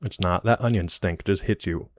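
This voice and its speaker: Low-voiced guy streaming live, jokey rambling chat, dry close sound. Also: normal speed, dry recording.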